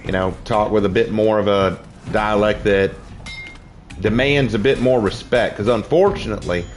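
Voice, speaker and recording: Deep-ish, weary Southern-born man, rambling casual stream chat. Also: normal speed, a little hiss or hum. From Southern United States. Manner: low-key, rambling. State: tired. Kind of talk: casual live-stream chat while gaming.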